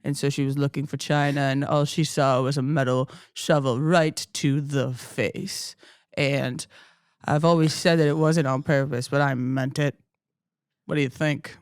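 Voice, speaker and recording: A woman's voice: extremely low pitch, steady tone, smooth. A woman hosting a comedy podcast, chatting casually, joking and laughing often. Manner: giggly, jokey, quick to laugh. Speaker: podcast host.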